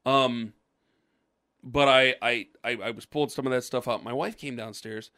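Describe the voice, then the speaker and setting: His mid-range voice is steady, bright, forceful and clean, at a moderate pace. A podcast co-host with a lingering cough, he wanders through a casual story on a podcast microphone, starting over and imitating the people he quotes.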